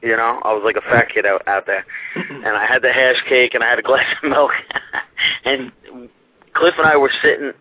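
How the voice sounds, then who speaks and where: A young man with a mid-range, fairly even voice talks a little fast, telling a rambling, profane story about going on a talk show as a guest and laughing at his own tale. The casual storytelling comes through muffled, dry internet radio with a little hiss or hum.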